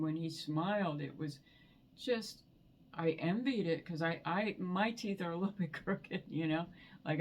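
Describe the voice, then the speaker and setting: A woman talking in a personal vlog, soft and halting, repeating words, emotional and near tears. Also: low voice. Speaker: vlogger.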